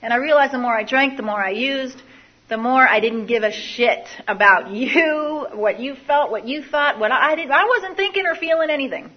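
A woman's voice: sits high, moderate pace, lo-fi sound. A woman telling her own life story to an audience, candid and confessional, often repeating phrases. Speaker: speaker sharing a recovery story. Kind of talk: personal testimony to an audience.

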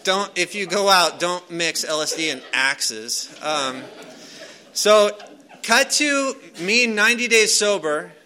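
A man tells a live audience about his recovery in a casual personal story, rambling loosely with many fillers and restarts. His high voice is expressive and sharp, and he speaks slowly.

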